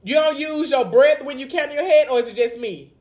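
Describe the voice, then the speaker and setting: High-voiced, slangy woman co-host. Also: brisk. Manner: animated, slangy, lots of fillers. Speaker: podcast co-host. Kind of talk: casual chat.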